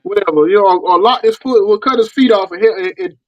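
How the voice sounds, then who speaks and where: A middle-aged man with a Southern US accent, hosting a casual chat and talking in animated bursts with repeated words and restarts. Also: high voice, fast talker, dry recording, lo-fi sound. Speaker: podcast host.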